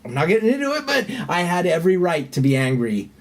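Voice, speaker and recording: A male podcast guest tells a candid personal story, earnest and halting, and swears when things get heated. His voice is high and sing-song.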